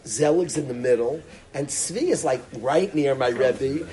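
A middle-aged man casually telling a personal story, acting out the dialogue and dropping to a hush for quoted lines. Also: mid-range voice, measured pace. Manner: animated, acts out dialogue, drops to near-whisper for quoted lines. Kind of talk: casual spoken anecdote.

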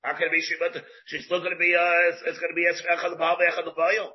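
A man's voice: fairly high pitch, monotone, fast talker. A man, a rabbi giving a Talmud class, who asks rhetorical questions, repeats his phrases and mixes in Hebrew terms, on a dull lo-fi recording.

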